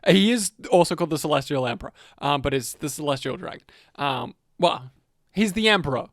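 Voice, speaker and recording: A man's voice: fairly high pitch, expressive, a little fast, dry recording, clean studio sound. A man co-hosting a podcast, telling fantasy lore in a rambling, profane, joking way. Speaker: podcast co-host narrating lore. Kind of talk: casual lore chat.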